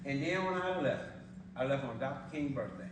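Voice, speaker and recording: A business opportunity presenter, a man with a mid-range voice and lively intonation, speaks fairly quickly in an event hall. His motivational sales pitch is full of colloquial stories and frequent laughter. The recording is echoey and noisy, captured by a distant mic.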